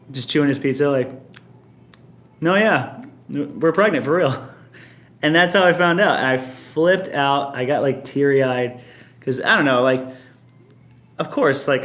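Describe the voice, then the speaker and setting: A man in his early thirties, a band member hosting a casual live-stream Q&A from his apartment, rambling easily and reading out viewer comments. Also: medium pitch. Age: early 30s. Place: at home in an apartment.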